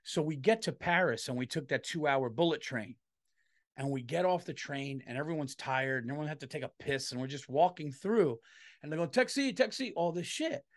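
A man hosting a podcast, telling stories in a loud, animated casual chat. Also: on the high side, fairly quick. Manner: loud, animated storytelling with frequent "dude". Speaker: podcast host. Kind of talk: casual comedic storytelling.

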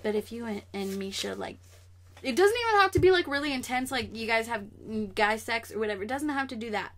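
Sassy young woman vlogger ranting about comic news, kinda high voice, talks right to the camera. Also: expressive, fast, fairly bright tone.

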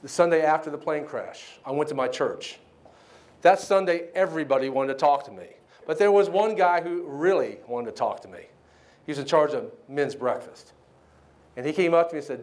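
A man giving a motivational banquet speech, telling his story with lively acted-out quotes. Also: a little high, a little fast. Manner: animated storyteller, acts out quoted voices. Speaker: keynote speaker. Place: banquet hall.

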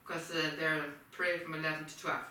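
A woman chats on and on in a casual home video, circling back to the same points again and again. Her voice is bright and a little rough from a frog in her throat. She sits back from the camera in a kitchen that rings with echo, a faint hum behind her. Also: deep voice, flat delivery, moderate pace. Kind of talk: rambling casual monologue. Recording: echoey kitchen, distant mic.

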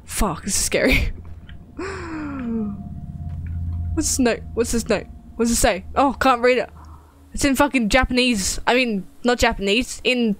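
A woman's voice: fairly high pitch, measured pace, long pauses, fairly bright tone, a little hiss or hum. A young woman streaming a horror game, jumpy and swearing, with nervous laughs and startled shrieks. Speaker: gaming streamer. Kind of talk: horror game let's play commentary.

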